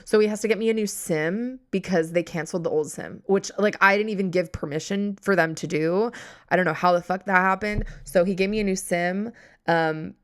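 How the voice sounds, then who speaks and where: A young woman hosting a podcast speaks briskly in a lowish voice. Chatting casually, she tells a story in an exasperated, sarcastic way, swearing freely and voicing both sides of the conversation.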